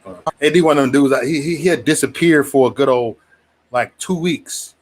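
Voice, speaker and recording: A man with a medium-pitched voice talks briskly while hosting a livestream. He's loose and profane, laughs a lot, and mimics other people in a raised voice during casual chat.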